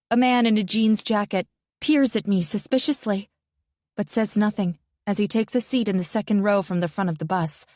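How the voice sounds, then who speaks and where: A woman's voice: medium pitch, a little mellow, no echo. Dry, tense woman narrating a thriller. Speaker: audiobook narrator. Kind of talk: first-person thriller narration.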